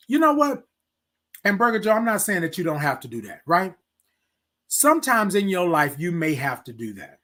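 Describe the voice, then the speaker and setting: Hosting a live morning stream, an adult military veteran gives viewers a preachy motivational talk, repeating key phrases as he speaks straight to them. His voice is high and sing-song with a sharp tone, at normal speed.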